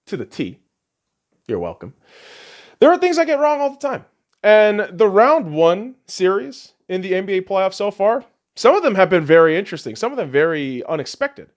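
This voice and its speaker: Foul-mouthed man ranting with lively pitch. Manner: profane, heckling, animated ranting. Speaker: podcast host. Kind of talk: casual sports talk rant.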